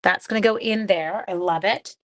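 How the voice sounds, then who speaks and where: A woman talks her viewers through a paper craft on a casual livestream. She is chatty and giggly and pokes fun at herself as she works. Her voice sits in an ordinary middle pitch. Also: normal speed. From Canada. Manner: chatty, giggly and self-deprecating. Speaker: craft class host and schoolteacher.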